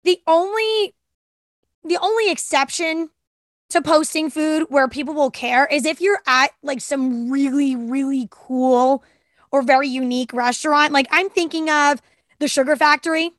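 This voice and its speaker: High-voiced chatty woman podcast host. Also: a little slow, no echo, clean studio sound. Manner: chatty, enthusiastic, stumbles over words. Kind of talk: casual podcast chat.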